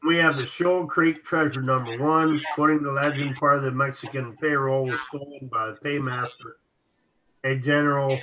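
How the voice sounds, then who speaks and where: A man's voice: mid-range voice, normal speed, a crowd in the background. A man co-hosting an internet radio show, reading articles aloud and sometimes stumbling over words. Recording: dull lo-fi audio with steady noise.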